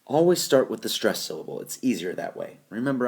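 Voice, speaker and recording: A man's voice: fairly low pitch, expressive, fairly quick, creaky, a little mellow. A man teaching a recorded lesson, explaining step by step and reciting lines with exaggerated stress. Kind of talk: recorded classroom screencast lesson. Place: voice-over recorded over a whiteboard app.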